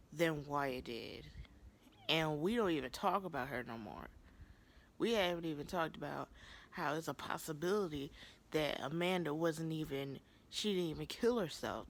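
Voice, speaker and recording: A young woman recapping a TV episode in a casual vlog, gossipy and animated, laughing often and acting out quotes in sudden high voices. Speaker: TV episode reviewer.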